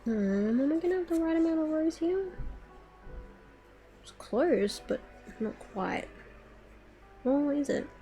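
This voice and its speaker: A woman's voice: sits high, lively intonation, slow, pauses often, mellow, faint music behind. A woman streamer chatting casually to her viewers while she crafts, muttering to herself with playful baby-talk words.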